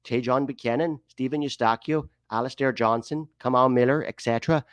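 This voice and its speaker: A man's voice: on the high side, big pitch swings, moderate pace, dry recording. A man putting on a jokey Canadian news reader. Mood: mock formal. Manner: exaggerated, self-mocking put-on accent drifting toward Irish. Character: mock Canadian man reading a sports article.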